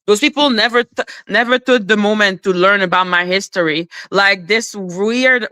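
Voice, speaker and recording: A woman's voice: mid-range voice, pushed and bright, smooth, dry recording. A woman from Canada, giving an upset, indignant livestream monologue. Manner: indignant, profane, exasperated.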